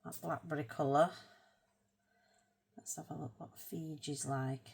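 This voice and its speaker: A woman with a low voice and an unhurried pace chats her way through a colour-with-me painting session. She rambles, pokes fun at herself and drops to a soft murmur as she works the brush. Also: steady tone, vocal fry, breathy edge. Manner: chatty, rambling, self-mocking. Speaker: art channel host. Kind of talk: casual colour-with-me chat.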